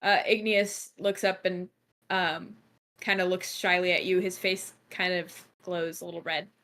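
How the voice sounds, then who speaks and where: Woman game master narrating, bright sound, a bit low, easygoing with lots of ums. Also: measured pace. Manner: relaxed, with frequent fillers and giggles. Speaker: dungeon master.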